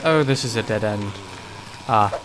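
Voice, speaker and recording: A man commentating his own gameplay, ranting and swearing with sudden shouted outbursts. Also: on the low side, moderate pace, heavy background noise. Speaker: gaming channel host. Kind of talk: let's play commentary.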